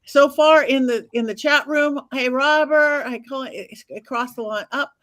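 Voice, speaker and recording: A woman co-hosting a casual film discussion, briskly moderating and addressing the chat. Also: high-pitched, a bit bright. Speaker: podcast co-host.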